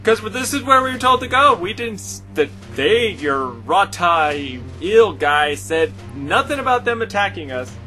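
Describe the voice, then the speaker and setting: A man's voice: sits high, big pitch swings, unhurried, hardly any pauses, bright, forceful tone, soft background music. A man playing in a tabletop game, laid-back and casual, tossing in "like" and "man". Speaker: player. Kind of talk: tabletop role-play chat.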